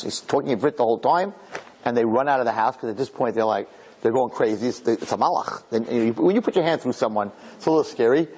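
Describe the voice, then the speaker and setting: A man with a slightly husky, breathy voice tells an inspirational story to an audience. He speaks in an animated way, repeating words for emphasis and dropping in Hebrew terms. His pitch sits in an ordinary middle range. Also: fast talker.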